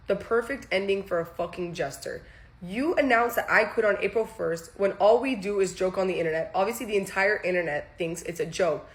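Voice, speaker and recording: A young woman, a former content creator, telling a story in a casual monologue, animated and profane, restarting her sentences as she goes. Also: mid-range voice.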